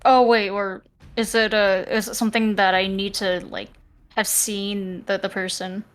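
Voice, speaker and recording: A woman's voice: mid-range voice, flat delivery, normal speed. A woman playing a tabletop game, talking hesitantly with many fillers. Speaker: player. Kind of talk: casual tabletop play.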